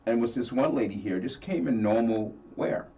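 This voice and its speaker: A man, a singer as a guest, talking earnestly and warmly about his fans. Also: medium pitch, fairly quick, recorded from a distance, lo-fi sound. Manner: earnest, heartfelt, laughs easily. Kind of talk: casual interview chat.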